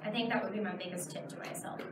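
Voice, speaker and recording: A woman's voice: mid-range voice, steady tone, quick pace, far from the mic, noisy background. Woman talking in a big echoey convention hall. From Texas. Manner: chatty, explains with many fillers. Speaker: convention panel guest. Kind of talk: audience Q and A. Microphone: far camera in the audience.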